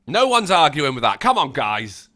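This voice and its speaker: English guy on a stream, swears a lot, really bouncy voice all over the place, bright. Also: normal speed. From England. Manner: animated, bursts into high put-on voices when quoting people. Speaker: co-host. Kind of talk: casual chat, swearing freely.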